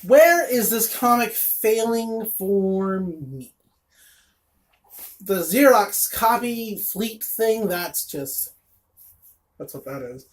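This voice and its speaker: A woman's voice: medium pitch, animated, extremely slow, long pauses. A woman reviewing a comic in casual chat, blunt and sarcastic, with lots of fillers and asides.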